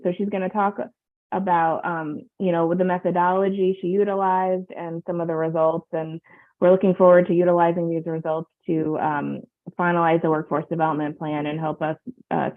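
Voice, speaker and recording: A woman chairing a public board meeting on a video call, speaking in a measured way with frequent fillers. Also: fairly low pitch, little pitch movement. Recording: tinny phone-like line.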